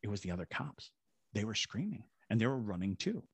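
A man's voice: on the low side, fairly quick, slightly rough, no room sound. A man from Savannah, Georgia, animatedly telling a story as a podcast guest and acting out other people's voices. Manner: animated, acts out quoted voices. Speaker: guest, paranormal investigator.

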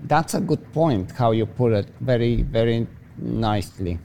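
Brief: male podcast host, mellow dark voice, short encouraging interjections. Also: medium pitch, animated, unhurried, gravelly, slight background noise. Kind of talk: interview chat.

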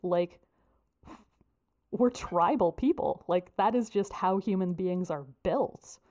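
A woman's voice: on the low side, takes it slowly, dark tone. A woman host in casual chat, frank and chatty with lots of fillers. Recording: dull lo-fi recording.

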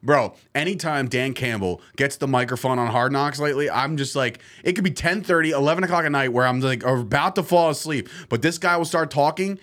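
A young man co-hosting a casual sports chat, excitable, laughing often and acting out quotes. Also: mid-range voice, brisk, hardly any pauses. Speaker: podcast co-host.

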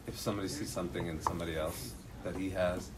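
Deep-voiced man questioning in a group. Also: quick pace, heavy background noise. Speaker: class participant.

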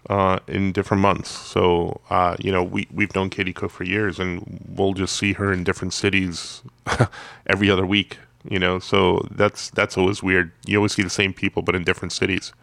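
A man's voice: low-pitched, level tone, normal speed, creaky, a bit bright, no echo. A man, a comic artist guest, telling casual anecdotes in a rambling way with many restarts. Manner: rambling, self-repeating storyteller.

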